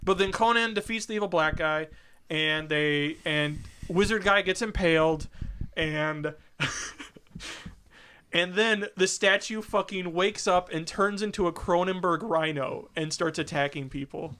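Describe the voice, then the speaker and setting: A man co-hosting a casual movie podcast, retelling scenes with animated quoted lines and frequent laughter. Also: high-pitched, a little slow, clear, resonant tone. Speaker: podcast co-host. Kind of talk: casual movie recap chat.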